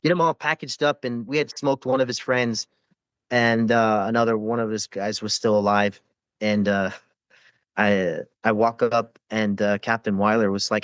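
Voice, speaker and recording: A man's voice: fairly low pitch, steady tone, moderate pace, fairly bright tone, no echo, muffled recording. A man, a former Navy corpsman, telling rambling war stories with lots of swearing and fillers in a casual podcast interview.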